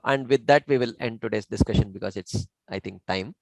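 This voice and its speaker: A man teaching scripture in an informal discussion, measured and explanatory, with many fillers. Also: lowish voice, gravelly, no room sound, poor audio.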